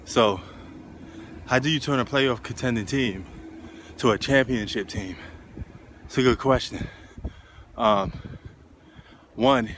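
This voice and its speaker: A man's voice: lowish voice, a little slow, pauses often, a bit bright, a little hiss or hum. Breathless man vlogging on an uphill walk. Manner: rambling, many ums. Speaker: sports vlogger. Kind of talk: casual walking vlog. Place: outdoors on a street, walking uphill.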